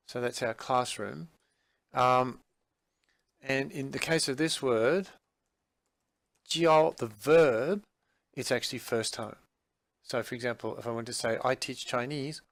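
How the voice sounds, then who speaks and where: A man teaching a vocabulary lesson in an unhurried way, with many fillers and restarts as he explains each word. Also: medium pitch, fairly bright tone, no echo. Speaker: Chinese language teacher.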